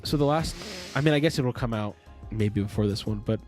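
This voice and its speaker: A man's voice: lowish voice, a little fast, a little mellow. Young male co-host, loose rambling chat, swears freely, music faintly behind. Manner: rambling, swears a lot, many restarts. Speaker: podcast co-host. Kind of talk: casual chat.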